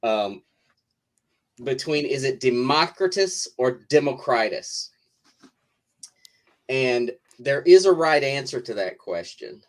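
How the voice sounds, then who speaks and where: A man's voice: mid-range voice, animated, a little slow. A man who is a comic writer, chatting casually as a guest in an interview, wry and joking, with lots of restarts.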